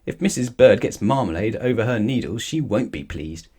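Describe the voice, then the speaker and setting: A man's voice: fairly low pitch, expressive, moderate pace, a little mellow, husky. A man reading a storybook voices a fretful young girl with a worried manner.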